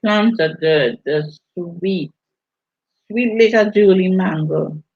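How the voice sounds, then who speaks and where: Slow-talking Virgin Islands woman, chatty. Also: fairly low pitch. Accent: Virgin Islands Caribbean. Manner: chatty, teasing, laughs often. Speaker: vlogger hosting a live stream. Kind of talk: casual chat reading viewer comments. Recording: dull lo-fi audio.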